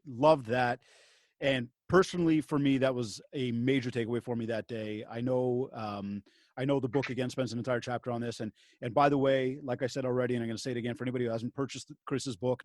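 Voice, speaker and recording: A male podcast host talks in a relaxed, chatty way and steers the conversation with questions. His voice sits at a mid pitch. The recording is dry and close, with no room sound. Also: dry recording. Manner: relaxed, chatty, plugs the guest's book. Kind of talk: conversational interview.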